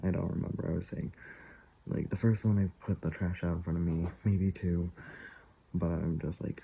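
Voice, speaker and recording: A man's voice: deep voice, fairly even intonation, normal speed, gravelly, warm tone, husky, low-quality recording. A man telling a story to camera in a casual, rambling way, with hesitations and asides. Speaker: vlogger.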